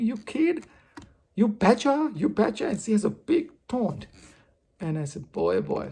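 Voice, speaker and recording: A man telling a personal story on his vlog, expressive and poking fun at himself. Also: high voice, creaky, breathy edge. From India. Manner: expressive, self-mocking storyteller. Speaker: vlogger.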